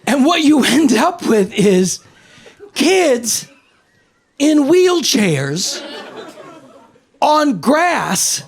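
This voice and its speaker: A man doing a stand-up routine, telling a story deliberately and drawing out his punchlines. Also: very high-pitched, big pitch swings. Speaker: stand-up comedian.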